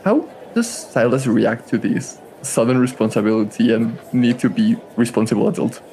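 A man's voice: medium pitch, moderate pace, mellow, a little hiss or hum. A man running a tabletop game as game master, narrating casually and animatedly with laughs.

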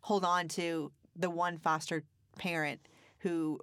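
Brief: woman podcast co-host, chatty storyteller, lower voice, dry recording. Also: little pitch movement, takes it slowly, a bit bright, clear, resonant tone, no echo. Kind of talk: casual chat.

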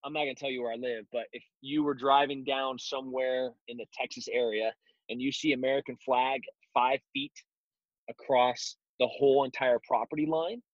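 A man's voice: medium pitch, fairly even intonation, normal speed, no room sound. A man talking bluntly in an interview, telling stories with mocking asides. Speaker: guest, self-defense instructor. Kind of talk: casual interview talk. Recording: dull lo-fi recording.

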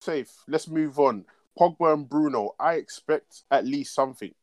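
A man's voice: on the high side, moderate pace, darkish tone, no room sound. Young male, casual football-fan host, frustrated and sweary. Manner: frustrated, slangy, swears often. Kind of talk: casual chat, reacting to a football match.

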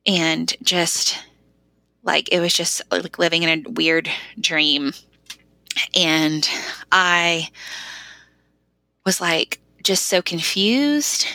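A middle-aged woman shares a heartfelt personal story as a podcast guest, speaking casually and leaning on "like" as she talks. Her voice sits low with a gravelly fry and a bright, sharp edge, and it comes across dry and close. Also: drawn-out words, long pauses, no room sound. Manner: conversational, frequent "like" fillers.

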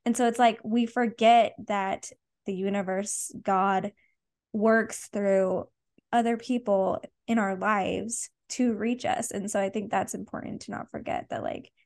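A woman's voice: mid-range voice, steady tone, measured pace, darkish tone. A woman co-hosting a podcast, reflecting thoughtfully on a story in casual talk. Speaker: podcast co-host. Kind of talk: casual book discussion.

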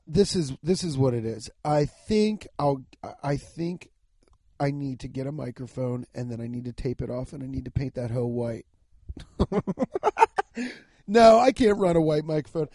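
A young man rambling on his podcast in a dark, mellow voice that sits a little high for a man. He swears freely, laughs at his own jokes and swings between shouting and drowsy mumbling, sounding tired as he talks lying down. The recording is dry and close. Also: no echo. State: yawning, lying down. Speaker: podcast host. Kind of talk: casual solo podcast rambling.

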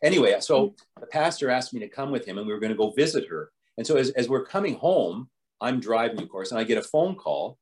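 A man's voice: mid-range voice, lively intonation, brisk, a little mellow. A man, a bishop telling stories from his life in an interview, rambling with frequent restarts. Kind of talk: storytelling in an interview.

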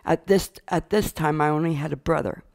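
An older woman telling a personal story from her childhood, earnest and unhurried, with small fillers. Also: low-pitched, gravelly, a little mellow. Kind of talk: personal testimony.

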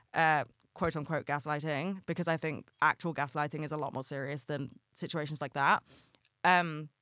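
A young adult podcast host talks straight to the listener in a loose, heated ramble, swearing freely and leaning on fillers. The voice is bright and forward. The sound is dry and close, with no room around it. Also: medium pitch, no echo. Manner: chatty and passionate, swears freely, many fillers. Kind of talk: casual solo podcast chat.

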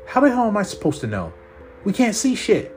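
A man voicing a foul-mouthed, sarcastic young woman held captive, snapping in a high voice. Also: huge pitch swings, a little fast, a little mellow, faint music behind. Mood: angry snapping. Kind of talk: audiobook character voice.

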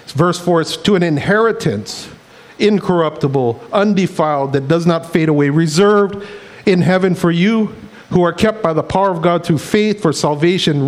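Male pastor preaching, tells stories, laughs at his own jokes, voice sits a bit high. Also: a little mellow. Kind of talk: sermon.

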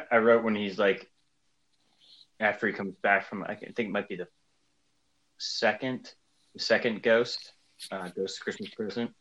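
A man's voice: on the low side, fairly even intonation, fairly bright tone. Man on dull lo-fi audio. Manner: halting restarts, laughs. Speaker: podcast co-host. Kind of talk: casual chat about a movie.

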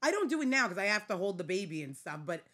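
Woman, Staten Island accent, podcast co-host; animated, exclamatory, wide-ranging pitch. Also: quick pace, slight background noise. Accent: Staten Island New York. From Staten Island, New York. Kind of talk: casual chat.

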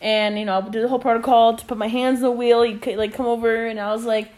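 A woman's voice: fairly high pitch, flat delivery, quick pace, darkish tone. A woman in her twenties, a podcast co-host, chatting casually and telling stories full of "like" and acted quotes. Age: 20s. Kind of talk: casual chat.

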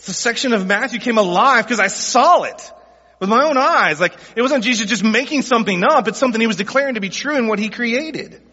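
A man's voice: very high voice, animated, fairly quick, sharp tone, breathy edge. A middle-aged male pastor preaching an earnest, conversational sermon that speaks directly to groups in the congregation. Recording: dull sound with long hall reverb.

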